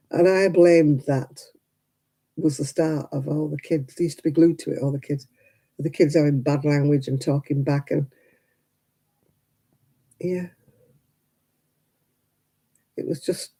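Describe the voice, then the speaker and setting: An older woman talks casually as she hosts a crafting stream, going off on chatty, indignant rants. Her voice is husky and gravelly, with a very dark, mellow tone. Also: low voice, low-quality recording. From United Kingdom. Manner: chatty, indignant ranting with many fillers. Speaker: craft livestream host. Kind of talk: casual chat while crafting.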